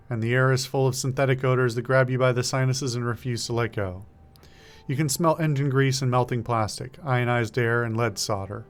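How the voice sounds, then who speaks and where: Male streamer, relaxed narration of a game, musing aloud, faint music bed. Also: mid-range voice. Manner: casual, musing aloud, stumbles on words. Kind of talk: reading a game aloud and commenting.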